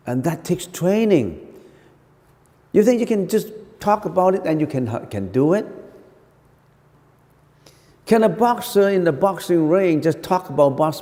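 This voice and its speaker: A Buddhist monk gives a dharma talk on meditation. His voice is mellow, and his pitch rises and falls in a lively way. He keeps asking rhetorical questions and repeating phrases, and a long reverb from a large hall trails every word. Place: temple hall.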